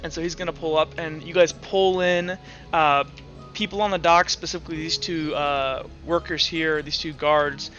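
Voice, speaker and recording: A male game master narrating a tabletop game in a casual, halting way. His voice is bright and slightly high. The recording is a bit dull, with faint music behind. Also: level tone. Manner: casual, filler-heavy narration.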